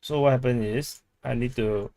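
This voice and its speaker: A man's voice: mid-range voice, normal speed, dark tone, dry recording. Singaporean man, live stream host, casual and chatty with viewers, repeats himself, dry close sound. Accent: Singaporean English. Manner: chatty, repeats words, laughs often. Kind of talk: casual live stream chat reading comments.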